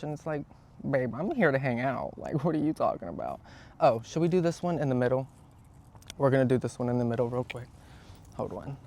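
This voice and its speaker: A young man chatting casually outdoors as he repots plants, excitable and quick to exclaim at things around him. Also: medium pitch. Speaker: vlogger. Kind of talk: casual chat while gardening. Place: outdoors, yard.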